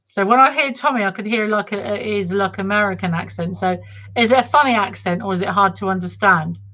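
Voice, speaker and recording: A woman from Hampshire with a southern English accent, talking fast and jumping in during a casual chat. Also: medium pitch, a bit bright, muffled recording. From Hampshire, England. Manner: talks fast, jumps in.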